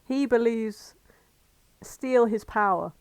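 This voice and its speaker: A woman's voice: fairly high pitch, slow, smooth, dry recording. A woman co-hosting a podcast, chattily retelling a fan fiction with giggles and casual swearing. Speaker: podcast co-host. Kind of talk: casual fanfic review chat.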